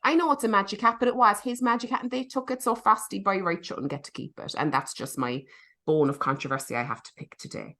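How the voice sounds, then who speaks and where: A woman's voice: mid-range voice, fast, a bit bright. A woman co-hosting a podcast, chatting casually and animatedly about films and swearing for emphasis. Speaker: podcast co-host. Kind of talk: casual movie review chat.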